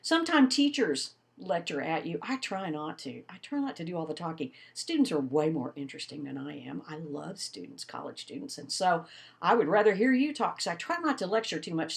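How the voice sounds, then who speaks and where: A woman college instructor, giving a recorded video lecture in a conversational, animated way with rhetorical questions. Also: deep voice.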